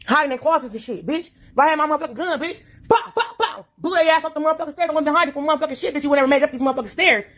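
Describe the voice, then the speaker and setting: A woman's voice: sits high, very fast, few pauses, fairly bright tone. A woman in a played video clip, ranting furiously with constant cursing and repeating herself in agitation. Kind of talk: furious profane rant.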